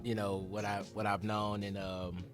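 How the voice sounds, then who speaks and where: A man hosting a casual interview in a restaurant, asking playful, animated questions. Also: fairly low pitch, moderate pace. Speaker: show host. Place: indoors in a restaurant. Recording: music in the background.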